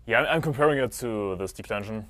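A man's voice: on the low side, fast, fairly bright tone, no echo. A man answering as a student in a tutoring session, replying briefly and a little tentatively.

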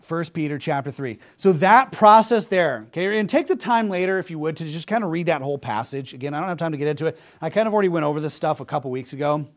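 Male preacher mid-sermon, emphatic and scornful, voice a bit high. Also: animated, fast, hardly any pauses. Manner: emphatic, mocking, repeats rhetorical questions.

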